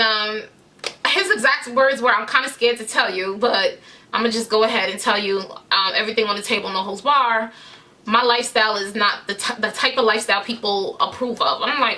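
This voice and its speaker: A woman tells a personal story straight to her viewers, candid and full of slang. Her voice sits on the high side and rings bright and forward. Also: normal speed. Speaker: vlogger. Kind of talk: casual storytime.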